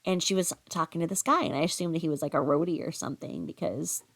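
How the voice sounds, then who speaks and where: A woman's voice: fast talker, gravelly, a bit bright. A middle-aged woman telling a story in a casual, rambling way, with many fillers and restarts. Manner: acts out quoted voices in a higher pitch.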